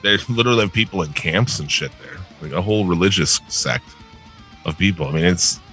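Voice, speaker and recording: A man with a deep, bright voice co-hosts a podcast, talking loosely and sarcastically with plenty of swearing. Faint music sits in the background. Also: animated, brisk. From northern United States. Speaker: podcast co-host. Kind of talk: casual profane podcast chat.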